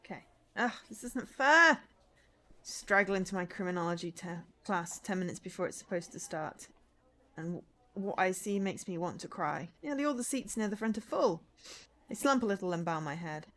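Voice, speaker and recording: A woman's voice: mid-range voice, brisk. A woman streaming a visual novel, reading the story aloud and breaking in with chatty asides. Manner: lively, chatty asides between read lines.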